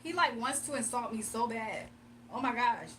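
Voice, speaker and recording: A woman hosts a casual livestream, chatting with viewers, laughing often, and speaking straight to the chat. Her voice is on the high side, animated, and fairly bright at a normal speed. She's a bit distant from the mic, with a faint hum.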